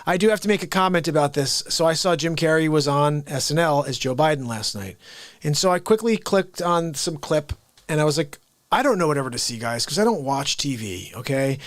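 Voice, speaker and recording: A man hosting an unscripted live comedy stream, talking in an excitable, rambling way and often cutting himself off mid-sentence. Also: a little high, a little fast, dry recording. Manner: excitable, rambling, self-interrupting. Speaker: livestream comedy host.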